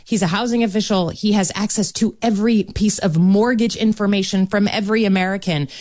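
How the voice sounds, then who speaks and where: A woman senator answering interview questions in a measured, earnest way, often pausing with ums. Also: mid-range voice, fairly even intonation, darkish tone, no room sound. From Michigan. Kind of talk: political interview.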